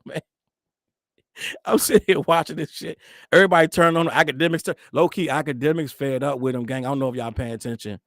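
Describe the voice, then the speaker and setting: Male host, high voice, rapid rambling commentary, laughs through his lines. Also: a bit bright, no room sound, clean studio sound. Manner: profane, rambling, laughs mid-sentence; mimics other people in quick quotes. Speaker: show host. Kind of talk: casual pop-culture commentary.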